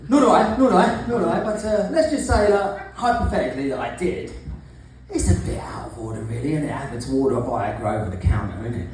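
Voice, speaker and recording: A man's voice: medium pitch, expressive, fast talker, darkish tone, slight background noise. A man performing a stand-up routine in a brash, punchy way, breaking into mimicry. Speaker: stand-up comedian. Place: comedy club. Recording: echoey club from far off.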